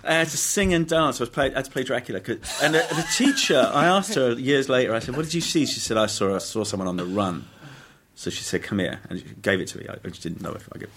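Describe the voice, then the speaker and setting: A man's voice: medium pitch, animated, quick pace, a bit bright, slight background noise. A middle-aged man, an actor telling stories in a casual interview, rambling with restarts and frequent laughs. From England. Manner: rambling, self-correcting, laughs often. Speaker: actor, guest.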